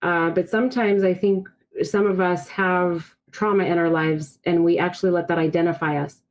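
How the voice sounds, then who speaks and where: Brazilian-born woman, low-pitched candid talk. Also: steady tone, normal speed, a little hiss or hum, rough recording. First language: Portuguese. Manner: candid, reflective personal storytelling. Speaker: podcast guest. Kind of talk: casual podcast conversation.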